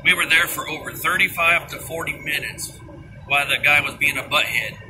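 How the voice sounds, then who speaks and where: Heavy road and outdoor noise and poor audio surround this Kentucky man, a driver on a family trip, as he explains things casually to camera from the car and outside. His voice sits on the high side, fairly quick and sharp, and his folksy speech is hesitant and full of restarts.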